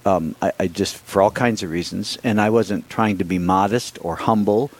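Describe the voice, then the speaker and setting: A middle-aged man speaks with a somewhat low voice, recounting events at an unhurried conversational pace. He stumbles and restarts often, filling gaps with "um" and "uh" and letting small laughs slip in. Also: low-quality recording. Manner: halting, many restarts and fillers, with soft laughs. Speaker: priest appointed bishop, interview guest. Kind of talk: conversational interview storytelling.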